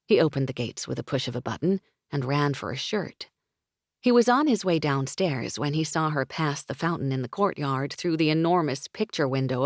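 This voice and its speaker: A woman narrating a romance audiobook in a smooth, intimate storytelling manner. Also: sits low, no echo, clean studio sound.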